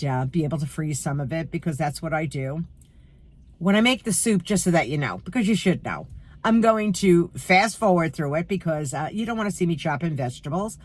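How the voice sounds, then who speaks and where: A woman's voice: sits low, darkish tone. A middle-aged woman with a New York accent, chatting opinionatedly to her viewers in a vlog while stuffy with a cold. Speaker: vlogger.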